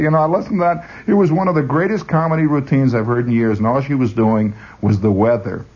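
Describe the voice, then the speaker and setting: A man's voice: mid-range voice, animated, quick pace, few pauses, darkish tone, husky. A man hosting a rambling radio monologue, full of stammered restarts and chuckling asides. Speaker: radio host. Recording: dull lo-fi radio recording.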